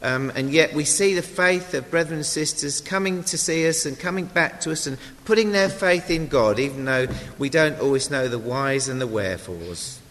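Chatty lay preacher in a reverberant hall. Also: male voice, fairly high pitch, moderate pace, hardly any pauses, a bit bright. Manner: chatty, self-deprecating, with asides to the congregation. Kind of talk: informal sermon.

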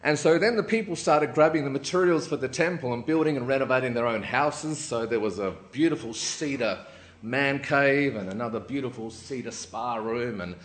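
A man's voice: medium pitch, normal speed. A man giving a sermon with personal stories, acting out voices and often asking the room "right?". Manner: lively, acts out quoted voices, keeps asking "right?". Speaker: lay preacher. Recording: roomy hall echo.

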